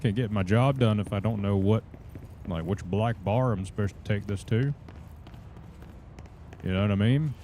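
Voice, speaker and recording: A man with a Southern US accent chats through a live game stream in a slow, folksy drawl. His low voice is warm and mellow. A faint hiss sits under the sound. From southern United States. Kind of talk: live gameplay commentary.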